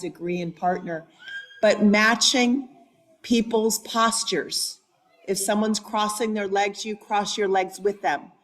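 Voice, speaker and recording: A woman life coach giving an animated, empathetic training talk, often repeating phrases for effect. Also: medium pitch. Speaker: life coach, workshop speaker. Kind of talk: training talk to a hybrid audience.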